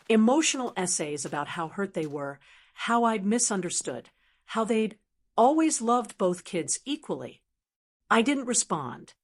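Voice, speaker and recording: A woman telling a first-person family story in a steady, measured way. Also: medium pitch. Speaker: narrator.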